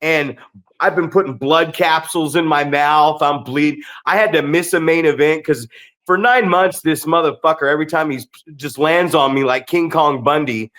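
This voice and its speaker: A man hosting a casual podcast chat, telling wrestling coaching stories in an animated, profane way. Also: a little high, normal speed.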